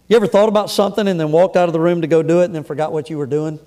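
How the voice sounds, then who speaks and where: A middle-aged pastor speaks quickly in a warm, slightly high voice with fairly even intonation. Preaching in a church sanctuary, he reads scripture aloud and weaves in lighthearted asides and conversational stories, with occasional restarts.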